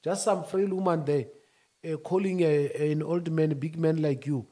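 A man speaking as a union-leader guest, emphatic, rising to shouts and then dropping low. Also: fairly even intonation, moderate pace. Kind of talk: animated interview talk.

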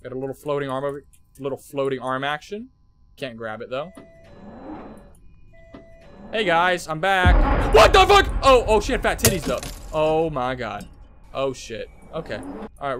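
A young man streaming a horror game, jumpy and swearing, talking to his chat and shouting at those who laugh at him. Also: medium pitch, slight background noise. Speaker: gaming streamer. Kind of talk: live horror game commentary. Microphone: headset.

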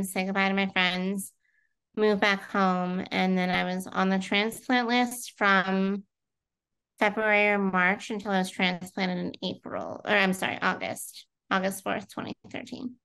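A woman in her thirties speaks as an interview guest, her voice smooth and resonant at an ordinary middle pitch. She tells her own story in a chatty, flowing way with plenty of fillers. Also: level tone, a little slow, a bit bright. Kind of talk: casual conversational interview.

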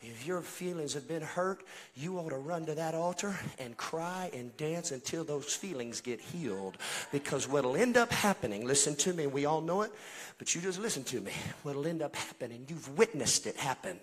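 A man preaching a Pentecostal sermon to a congregation in a church, swinging from quiet asides to shouted, half-sung climaxes and calling out to the crowd. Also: fairly high pitch, expressive, normal speed. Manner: calls out to congregation, chanting and half-singing lines. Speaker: pastor. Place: church sanctuary.

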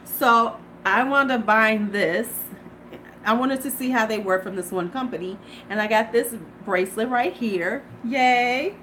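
A middle-aged woman livestreaming from her porch, chatting with viewers in a loose, salty way. Her voice sits a little high. A faint hiss of ambient noise runs under the recording. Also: measured pace, a bit bright, poor audio. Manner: chatty, profane, talks straight to viewers. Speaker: beauty vlogger. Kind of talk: casual livestream chat. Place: home porch.

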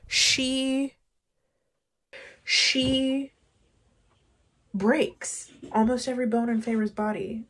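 A woman's voice: mid-range voice, no room sound, studio quality. A woman giving a casual, sarcastic and exasperated rant review of a book on her channel.

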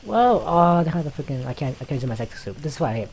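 A young man giving casual commentary over his gameplay, rambling and easily distracted, with sudden excited outbursts. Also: a little high, very fast, slight background noise. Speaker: gaming YouTuber. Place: home room in front of TV.

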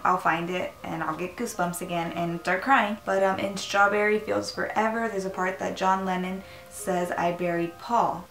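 Excitable young woman in an echoey room. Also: mid-range voice. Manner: rambling, excitable, easily spooked, lots of "um" and "like". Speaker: vlogger. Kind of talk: casual chat to camera. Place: small room indoors, seated at a laptop.

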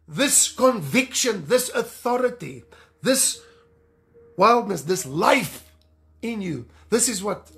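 A man preaching a sermon as an evangelist, fervent and animated, repeating phrases for emphasis. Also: high voice, slow, gravelly, faint music behind.

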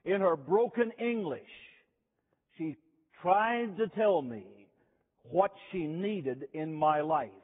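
Guy preaching a revival sermon, kinda high voice, tinny old tape, echoey chapel. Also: lively intonation, husky. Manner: slow, emphatic delivery with repeated phrases. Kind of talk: sermon with storytelling. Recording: tinny lo-fi chapel recording with long reverb.

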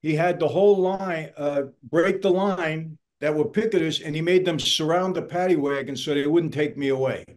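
A man's voice: on the high side, normal speed, few pauses. An older man co-hosting a podcast, telling stories in a blunt, emphatic way. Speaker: podcast co-host. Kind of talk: casual chat.

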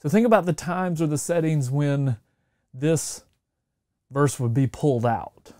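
A man's voice: fairly high pitch, a little slow, mellow, no room sound, clean studio sound. A middle-aged man, a pastor, preaching a sermon in a conversational way and acting out the voices of people he quotes. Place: church sanctuary.

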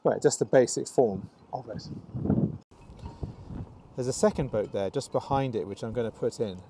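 A man casually talking through his painting outdoors by a harbour, halting and repeating himself as he works, with a clip-on mic. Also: mid-range voice. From Scotland. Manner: talks to himself while painting, halting and repetitive. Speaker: plein air painter. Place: outdoors by a harbour on a windy day. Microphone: wireless clip-on mic. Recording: loud wind noise outdoors.

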